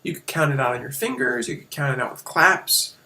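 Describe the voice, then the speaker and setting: A man's voice: medium pitch, a little fast, pushed and bright. A man teaching a casual lesson on a screen recording, explaining as he goes and correcting himself now and then. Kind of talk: screen-share lesson on poetic meter.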